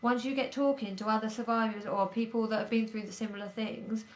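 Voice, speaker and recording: A woman's voice: fairly high pitch, steady tone, a little fast, echoey room, rough recording. A woman in a casual two-person chat, supportive and often agreeing. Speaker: co-host.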